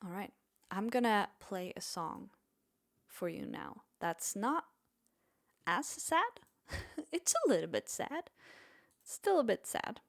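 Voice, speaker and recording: Slow, soft-spoken woman streamer chatting. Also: mid-range voice, big pitch swings, gravelly. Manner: rambling, self-deprecating, soft. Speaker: musician streamer. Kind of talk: casual chat on a music stream.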